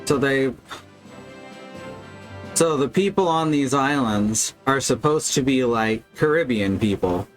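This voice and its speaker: Slow, wry male game streamer. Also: mid-range voice, animated, faint music behind. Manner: casual, wry, critical. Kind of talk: live game commentary.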